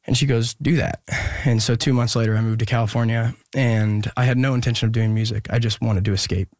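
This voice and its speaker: A young man telling a personal story in an interview, halting and earnest with many pauses and restarts. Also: medium pitch, steady tone, darkish tone, no echo, clean studio sound. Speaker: guest musician.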